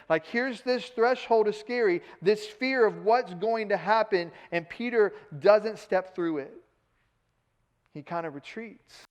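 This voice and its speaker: Casting: male pastor with a high voice, lively sermon delivery, long hall reverb. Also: unhurried, clean tone. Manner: animated, acts out Peter's lines in a casual modern voice; repeats words when excited. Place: church sanctuary.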